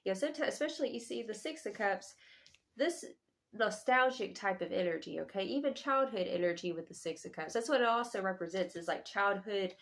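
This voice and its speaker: Woman, young adult, tarot reader, casual slangy delivery, affectionate, cusses freely, mid pitch. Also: brisk, creaky. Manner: slangy, affectionate, calls listener boo-boo, swears freely. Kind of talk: casual tarot reading to viewers.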